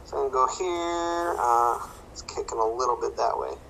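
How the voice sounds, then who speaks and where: Bright-voiced man explaining game tips. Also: medium pitch, normal speed, vocal fry, slight background noise, poor audio. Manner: relaxed, explaining tips step by step. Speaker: host. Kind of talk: casual gameplay commentary.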